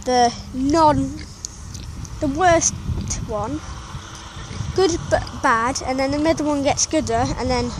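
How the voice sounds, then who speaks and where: Loud outdoor noise and animal sounds surround this woman, who speaks slowly in a high voice. She is a vlogger talking casually among chickens on a farm, rambling and correcting herself along the way.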